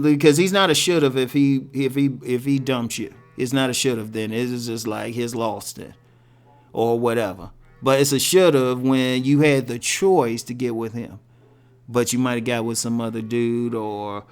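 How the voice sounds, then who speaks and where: A man hosting a casual relationship-advice monologue for women, talking bluntly with tough love and jokes. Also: medium pitch.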